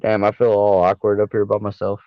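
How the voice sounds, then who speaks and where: A man's voice: fairly low pitch, completely flat delivery, a little fast, no room sound. A man chatting as a guest on a livestream panel, rambling and profane, full of fillers and restarts. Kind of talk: casual livestream chat. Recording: dull, dry online audio.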